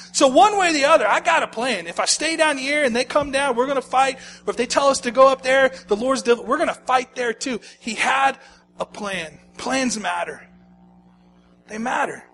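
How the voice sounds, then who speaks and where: Middle-aged male pastor, high bright voice, dynamic sermon delivery, slight hum. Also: normal speed. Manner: animated preaching, swings from shouting to near-whisper.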